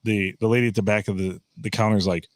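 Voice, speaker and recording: A man's voice: lowish voice, fast talker, no room sound. A man hosting a podcast in a studio, telling stories in casual chat and laughing often. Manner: animated storyteller, laughs often. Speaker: podcast host.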